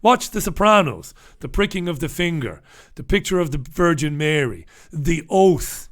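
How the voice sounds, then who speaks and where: A male host runs a humorous live-stream review of the papers. He talks in a casual, wry way and swears freely, with a voice pitched a bit above the usual for a man. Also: animated, a little slow.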